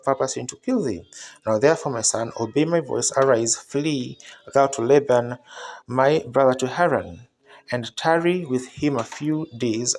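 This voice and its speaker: A man giving a measured, solemn reading of scripture. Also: mid-range voice, a little hiss or hum. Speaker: Bible reader.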